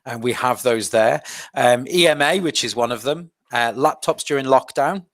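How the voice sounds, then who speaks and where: A man's voice: mid-range voice, moderate pace, no room sound. Hesitant man with a dry sound. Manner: hesitant, lots of ums and self-corrections. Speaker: revision session presenter. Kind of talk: live online revision lesson.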